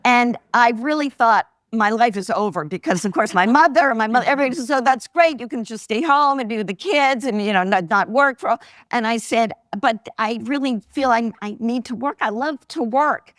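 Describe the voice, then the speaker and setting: A woman in her sixties, appearing as an investor guest on a live podcast interview, tells animated personal stories and acts out the voices she quotes, while the audience laughs. Her fairly high voice moves at a moderate pace, recorded cleanly in a studio with no echo.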